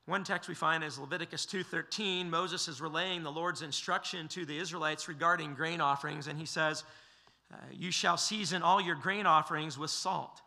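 A man preaching an expository sermon, measured and emphatic, with the occasional filler. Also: fairly high pitch, fairly even intonation, bright, forceful tone. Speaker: pastor.

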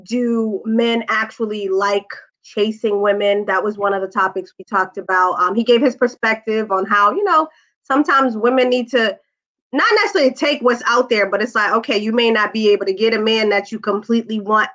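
A woman guest talking about her podcast in a relaxed, slang-heavy way. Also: mid-range voice, a little fast. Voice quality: laid-back slangy talker. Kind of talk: casual interview chat. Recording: dull lo-fi remote audio.

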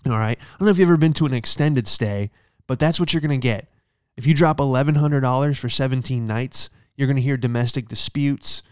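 A man's voice: mid-range voice, fairly quick, darkish tone, clear, resonant tone, dry recording, clean studio sound. Brash, profane man ranting comically. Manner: brash, profane, keeps asking "all right?". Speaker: comedian. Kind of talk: stand-up style rant. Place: hotel room.

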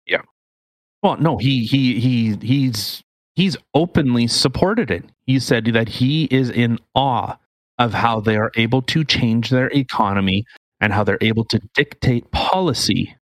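A man's voice: mid-range voice, unhurried, no room sound. A man co-hosting a casual podcast, explaining news articles in an opinionated way. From Canada. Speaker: podcast co-host.

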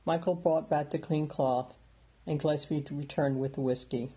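A man narrating a story in a steady, plain reading voice. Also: on the high side, moderate pace. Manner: plain steady reading, small lifts for dialogue. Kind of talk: audiobook narration.

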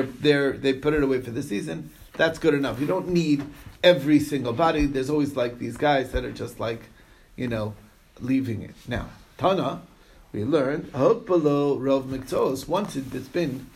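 A man's voice: mid-range voice, gravelly, darkish tone. A man teaching a Talmud class in a casual lecture style, reading passages aloud and explaining them in chatty asides, often checking in with his listeners. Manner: storytelling with frequent "okay?" check-ins.

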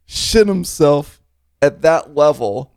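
Animated, gravelly man teasing on a podcast. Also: on the high side, takes it slowly, no room sound, clean studio sound. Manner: animated, profane, laughing teasing. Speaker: podcast co-host. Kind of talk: casual chat.

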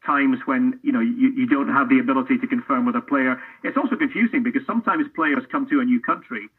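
This medium-pitched, slightly rough voice belongs to a middle-aged Scottish football commentator who talks at a quick pace. In a reflective, casual interview recorded on a tinny phone line, he is earnest and often starts his sentences over.

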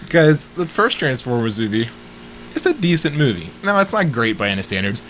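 A man's voice: medium pitch, big pitch swings, moderate pace, fairly bright tone, a little hiss or hum. A man co-hosting a casual movie podcast, talking steadily and plainly, with dry remarks. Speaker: podcast co-host. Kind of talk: casual movie review chat.

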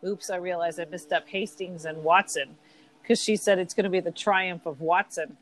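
A woman co-hosting a podcast, chatting casually and quick to laugh at herself. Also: on the low side, fairly even intonation, a bit bright. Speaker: podcast co-host. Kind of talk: casual chat.

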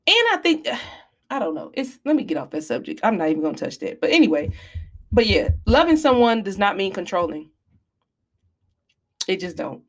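Preachy woman podcaster, casual speech. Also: lowish voice. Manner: animated, preachy, apologizing in mock fashion. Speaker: podcast host. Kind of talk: casual advice talk.

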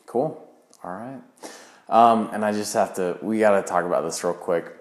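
Male podcast host, low voice, relaxed and filler-heavy, echoey room. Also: normal speed. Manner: easygoing, frequent fillers. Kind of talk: casual interview chat. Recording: roomy echo.

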